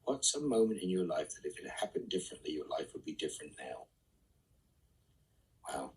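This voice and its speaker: Deep breathy guy doing a fan q&a stream, dry jokes, sounds a bit far off the mic. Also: lively intonation, a little fast. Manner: reads questions aloud, then answers with dry quips. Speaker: actor answering fan questions. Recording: voice set back from the mic.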